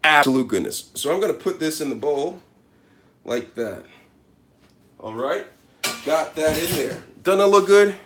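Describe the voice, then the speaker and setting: A man's voice: on the high side, lively intonation, a little slow, long pauses, fairly bright tone. A man hosting a parody cooking video in his kitchen, boasting and talking straight to viewers with repeated catchphrases. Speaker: comedic cooking vlogger. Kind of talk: deadpan parody cooking show. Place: home kitchen.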